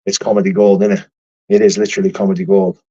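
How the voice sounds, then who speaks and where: A man's voice: deep voice, level tone, quick pace, warm tone, husky, highs cut off. A young man who fights for a living, chatting casually on a livestream and answering viewer comments in a rambling, profane way with lots of restarts. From United Kingdom.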